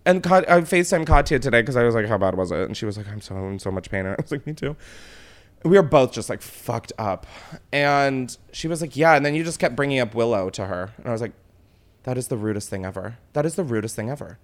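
A man's voice: mid-range voice, quick pace. A man hosting a casual chat, telling a story with lots of swearing and laughter. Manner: animated storyteller, swears freely, laughs often. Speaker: podcast host.

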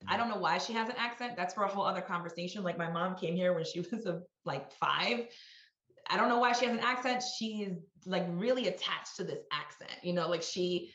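Middle-aged woman exec, low voice, reflective chat, roomy dull recording. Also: a little fast, fairly bright tone. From New York. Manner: reflective, peppered with "you know" and "right?". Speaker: executive guest. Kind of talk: conversational interview. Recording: roomy, slightly dull sound.

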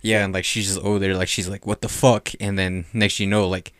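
A man's voice: sits low, flat delivery, fast talker, fairly bright tone, smooth, no room sound, clean studio sound. A young man telling a spooky story in casual podcast chat, rambling and swearing, full of fillers. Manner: rambling, profane, lots of "like".

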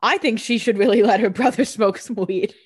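A woman's voice: a little high, a little fast, breathy edge. A woman co-hosting a podcast, chatting casually about a TV episode, often restarting and repeating words. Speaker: podcast co-host. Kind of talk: casual TV episode recap chat.

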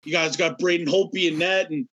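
A man's voice: a little high, steady tone, fairly quick, highs cut off, crowd noise. A man co-hosting a podcast, telling a long self-mocking story in loose casual chat. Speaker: podcast co-host.

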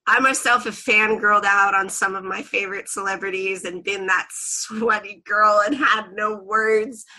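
A woman chatting as a podcast guest, her voice bright and clear. She tells her story in an animated way, laughing often and acting out what people said. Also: mid-range voice, moderate pace. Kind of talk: casual storytelling chat.

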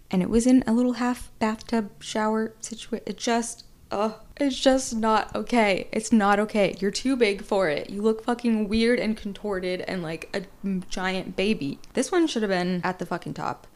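A young woman hosts a podcast in a casual solo monologue. Her voice sits at a middle pitch with a lot of vocal fry. She talks bluntly and rambles, swearing freely as she goes. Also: darkish tone. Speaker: podcast host.

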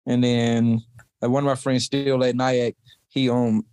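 A man's voice: medium pitch, level tone, unhurried, darkish tone, smooth, no echo. A young man from South Georgia, a college wrestler talking in a laid-back, casual way as an interview guest. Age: young adult. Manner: laid-back, heavy use of "like".

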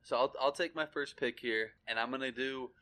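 A man's voice: medium pitch, normal speed, sharp tone. Joking male podcast co-host. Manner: joking, puts on silly voices. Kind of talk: casual chat.

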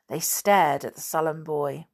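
A woman reading a children's adventure book aloud in a measured storytelling manner. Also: low voice. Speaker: reader.

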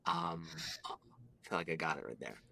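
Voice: low-pitched, normal speed, gravelly, bright, forceful tone. A student in an accent lesson, self-deprecating and nervously laughing about getting it wrong. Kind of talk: casual lesson conversation.

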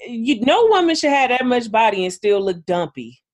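A woman's voice: a little high, sing-song, normal speed. A woman co-hosting a reality-TV recap podcast over a call, sassy, foul-mouthed and cutting. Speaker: podcast co-host. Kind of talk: casual reality-TV recap chat. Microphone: remote call.

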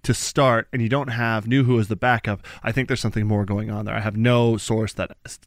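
Brief: young male podcast co-host, animated and laughing, dry close sound. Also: fairly low pitch, brisk, no room sound. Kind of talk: casual sports chat.

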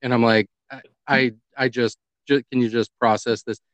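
A man of ordinary pitch tells a story in casual podcast chat. He brings the people in it to life as he goes. His voice is close and dry with little room sound. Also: moderate pace, no room sound, lo-fi sound. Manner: animated, acts out the people in his stories. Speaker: podcast co-host.

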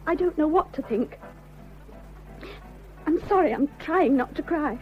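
A woman's voice: high voice, animated, a little slow. An actress playing a distressed young woman who faltering hears a confession of love, in a vintage radio drama. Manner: anxious, faltering. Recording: dull lo-fi old radio recording with music.

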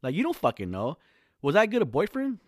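A man ranting casually to camera, swearing heavily in fast slangy talk that swings into loud outbursts. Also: on the high side, wildly swooping pitch, no room sound, clean studio sound. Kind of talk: casual profane rant to camera.

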